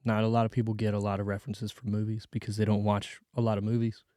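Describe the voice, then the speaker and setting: A man's voice: lowish voice, completely flat delivery, fast, dark tone, dry recording, studio quality. A man hosting a movie review podcast in casual chat, a little sick and congested, rambling and joking. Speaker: podcast host.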